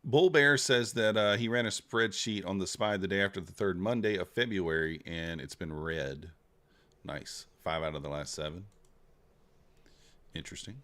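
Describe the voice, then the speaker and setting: A man's voice: low voice, normal speed, bright, forceful tone. A man hosting a live trading stream in casual chat. He teases his co-host and reads viewer comments aloud.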